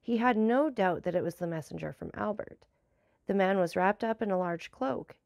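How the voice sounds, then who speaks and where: Woman reading a classic novel, slight fry. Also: a little mellow, no room sound, clean studio sound. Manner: measured, lightly varies pitch for dialogue. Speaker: audiobook narrator. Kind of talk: classic novel read aloud, voicing characters lightly.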